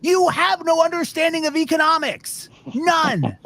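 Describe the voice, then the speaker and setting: High, animated ranting man. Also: measured pace, gravelly. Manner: profane, exasperated ranting. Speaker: podcast host. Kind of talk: casual ranting chat.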